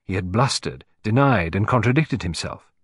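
A man reading a detective story aloud in a measured, expressive storytelling manner. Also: fairly low pitch, breathy edge, dry recording, studio quality. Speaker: audiobook narrator. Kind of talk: scripted storybook narration.

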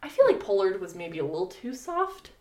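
A woman's voice: mid-range voice, very animated, brisk, darkish tone. A young woman co-hosting a podcast, telling a history story in casual chat, laughing often and swearing freely. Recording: echoey room.

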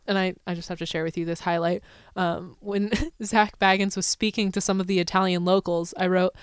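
Playful woman with a smooth voice. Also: mid-range voice, no room sound, clean studio sound. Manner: playful, laughs often, sarcastic asides. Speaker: podcast co-host. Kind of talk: casual chat.

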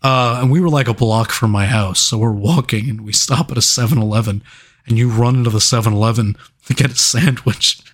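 A man's voice: medium pitch, a little fast. Profane young man telling rambling stories. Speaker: podcast co-host. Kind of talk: casual storytelling chat.

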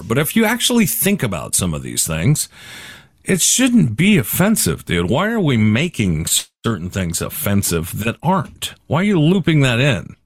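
A man chatting on a podcast in a loose, easygoing way, peppering his talk with casual slang. His pitch rises and falls a lot as he talks. He is recorded close up with a dry sound. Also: big pitch swings, a little slow, dry recording. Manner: laid-back, says "dude" often. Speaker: podcast co-host. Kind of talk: casual chat.

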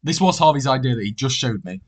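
A young man in his late teens hosts a podcast and chats casually. His speaking pitch is unremarkable. He rambles and restarts his sentences as he tells a story. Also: lively intonation, fast talker, crowd noise. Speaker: podcast host.

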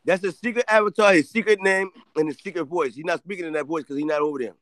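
A man's voice: a little high, fast, a crowd in the background. A man hosting a casual chat, teasing the others with crude banter and frequent laughter.

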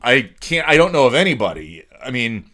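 A middle-aged man chatting on his own, rambling from one joke to the next. His voice is bright and his pitch moves around a lot, and he stands at a desk microphone in a room. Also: brisk. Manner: rambling, joking, lively impressions. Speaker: vlogger. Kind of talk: casual solo rant.

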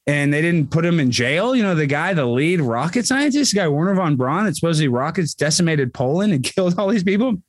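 Male podcast guest, rambling and emphatic, slightly high voice, dry close mic. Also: lively intonation, brisk, few pauses, dry recording. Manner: rambling, emphatic, swings pitch widely when worked up. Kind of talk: casual podcast chat.

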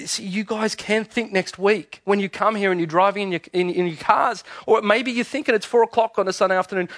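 A man preaching a sermon in a church, animated and conversational, often restarting his sentences. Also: sits high, fast, few pauses. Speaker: pastor.

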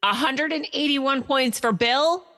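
Woman game host, playful, slightly high voice, long reverb tail. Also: unhurried, pushed and bright. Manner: playful, announces scores. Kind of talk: casual podcast game hosting.

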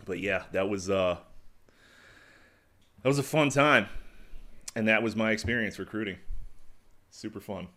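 A man's voice: fairly low pitch, lively intonation, takes it slowly, pauses often, fairly bright tone. A young man co-hosting a casual podcast, blunt and sardonic, making dry jokes. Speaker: podcast co-host. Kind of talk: casual chat.

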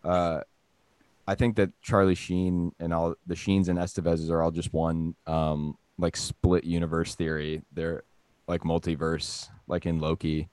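A man's voice: low voice, flat delivery, unhurried, darkish tone, smooth, dry recording. A man hosting a casual movie podcast, joking and rambling through trivia with friends. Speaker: podcast host.

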